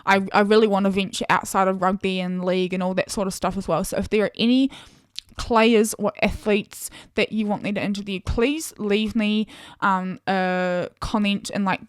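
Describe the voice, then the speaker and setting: A young woman hosts a solo sports podcast, chatty and enthusiastic with lots of fillers. Her medium-pitched voice is clear and resonant, with fairly even intonation and a moderate pace, recorded in a clean studio with no room sound.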